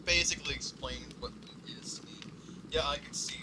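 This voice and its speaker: A man listening in on a stream, laughing and adding slow remarks. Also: on the high side, noisy background.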